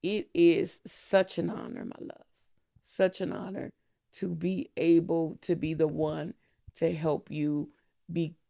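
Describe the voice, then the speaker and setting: Middle-aged woman with a gravelly voice, slow emotional faith talk, dry close mic. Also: sits low, little pitch movement, mellow, no echo. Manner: slow, tender, emotional blessing. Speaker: podcast host, mentor. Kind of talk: heartfelt spiritual talk.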